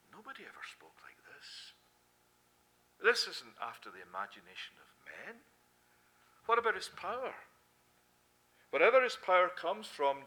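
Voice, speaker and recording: A man preaching a sermon with a lilt, swinging between loud, fervent emphasis and soft, hushed passages. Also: a little high. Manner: impassioned, rising to loud emphasis then dropping to soft quiet.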